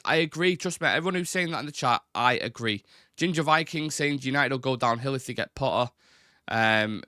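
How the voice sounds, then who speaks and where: Bright-voiced man hosting a football stream. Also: mid-range voice, no room sound, clean studio sound. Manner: chatty, swears casually, reads out viewer comments. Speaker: football fan channel host. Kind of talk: casual live-stream football chat.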